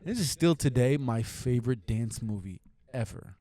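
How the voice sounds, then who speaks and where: Guy in his 30s from seattle, podcast guest, tells stories all animated, does the voices, swears a lot. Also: mid-range voice, normal speed. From Seattle, United States. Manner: animated storyteller, acts out quotes, swears freely. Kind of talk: casual storytelling conversation.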